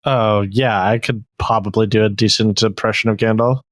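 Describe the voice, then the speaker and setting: A man's voice: fairly low pitch, fairly even intonation, normal speed, a bit bright, no echo. A man co-hosting a tabletop gaming podcast in casual chat, playful and mock-dramatic, laughing often. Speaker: podcast co-host.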